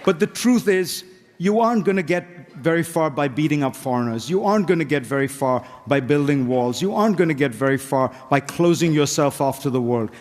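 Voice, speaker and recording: A man's voice: on the high side, animated, brisk, darkish tone, some chatter behind, slight background noise. A man from India, speaking earnestly and persuasively in a formal debate. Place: large hall before an audience. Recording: reverberant debate hall.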